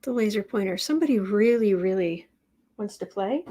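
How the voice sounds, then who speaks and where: A woman hosts a daily tarot livestream in a medium-pitched, mellow voice that's lively in intonation and fairly quick. Chatty and casual with her viewers, she keeps breaking off to talk to her cat.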